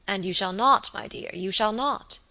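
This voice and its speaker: A woman's voice: medium pitch, normal speed, sharp tone. A woman reading the part of a fond, anxious elderly baronet, with earnest, affectionate pleading. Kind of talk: audiobook character reading.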